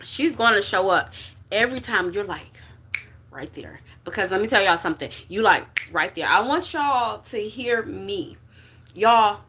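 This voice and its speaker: A woman with a medium-pitched, animated, slightly slow voice gives viewers a casual spiritual reading, her tone bright and forceful over slight background noise. She's slangy and emphatic, often checking in with "okay?" and "you get what I'm saying?"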